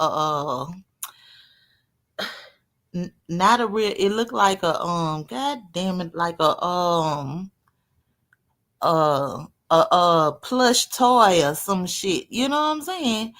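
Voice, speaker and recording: A woman in casual live-stream chat, rambling through a story with big swings in pitch and loudness.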